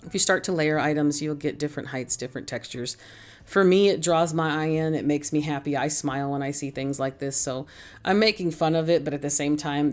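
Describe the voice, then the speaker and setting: A middle-aged woman hosting a craft tutorial, talking through her steps in a chatty, rambling, self-deprecating way. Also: low-pitched. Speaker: craft channel host. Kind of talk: casual craft tutorial voice-over.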